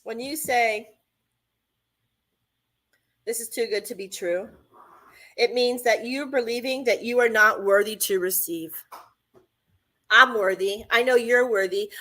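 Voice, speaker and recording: Woman radio host, fervent affirmations, bright tone. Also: a little high, steady tone, moderate pace, long pauses. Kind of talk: inspirational radio talk.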